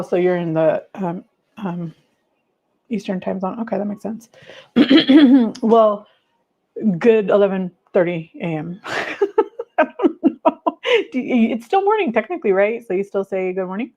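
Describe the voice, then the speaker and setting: A woman hosting a casual livestream, chatting warmly with viewers, gushing and trailing off with many fillers. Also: medium pitch, fairly even intonation, brisk, muffled recording. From United States. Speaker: livestream host.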